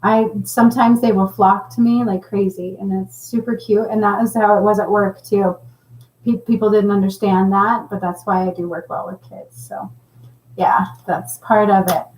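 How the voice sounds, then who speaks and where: A middle-aged woman hosting a casual livestream, chatting and reading viewer comments with a laughing, animated manner. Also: medium pitch, moderate pace, roomy sound, poor audio. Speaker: livestream host.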